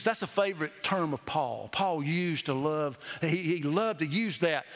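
A man's voice: fairly high pitch, expressive, measured pace, hardly any pauses, fairly bright tone. A male pastor preaching an emphatic sermon, quizzing the congregation with questions as he goes. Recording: long reverb of a hall.

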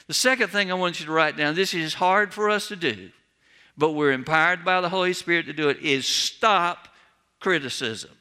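Pastor, man, slightly high and bright-toned, folksy storyteller with humor, sermon in a reverberant church. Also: smooth. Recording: long reverb of a large hall.

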